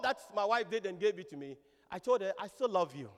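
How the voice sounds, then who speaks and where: A man preaching a sermon with a high, strongly rising and falling voice. He speaks in an animated, exclamatory way. His voice rings out through a church hall with a long echo. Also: fairly quick. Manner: animated, exclamatory, repeats hallelujah.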